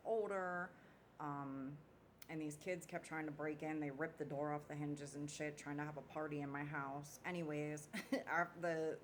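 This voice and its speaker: Low-voiced woman casually recounting a dream. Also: slight background noise. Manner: rambling, loose, swears casually. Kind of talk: casual storytelling.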